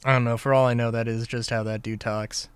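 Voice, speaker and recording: A man's voice: medium pitch, flat delivery, brisk, clear, resonant tone, no echo. A man streaming a game live, chatting casually in a rambling, self-correcting way. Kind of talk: casual gameplay chat.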